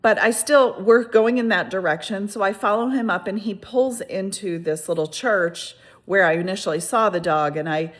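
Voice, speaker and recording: With a mid-range voice, a moderate pace and few pauses, a woman recounts something personal on her vlog. She's casual and rambling, restarting often, adding asides, and retelling it all with exclamatory energy.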